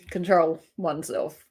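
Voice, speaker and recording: Reading out viewer comments on her crochet livestream, an Australian woman giggles frequently and keeps the banter casual. Her voice is fairly low, a little mellow, and husky.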